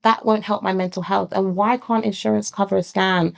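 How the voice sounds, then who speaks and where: A British midwife speaks in a relaxed interview, her mid-range voice carrying a gravelly edge. She tells her story with animation, slipping into other people's voices when she quotes them. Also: medium pitch, brisk. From England. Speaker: midwife and founder of a sonogram service. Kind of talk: conversational interview.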